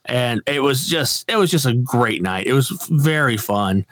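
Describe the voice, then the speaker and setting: A man's voice: medium pitch, lively intonation, unhurried, fairly bright tone, no echo. Laid-back podcast co-host man, dry sound. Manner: laid-back, laughs often, swears casually. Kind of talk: casual chat.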